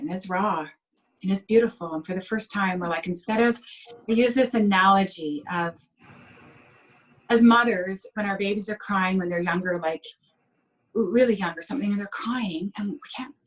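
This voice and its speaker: A woman coaching on sugar addiction as a guest in an interview, speaking gently and heartfelt, sometimes acting out inner voices. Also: medium pitch, low-quality recording. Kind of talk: interview over video call.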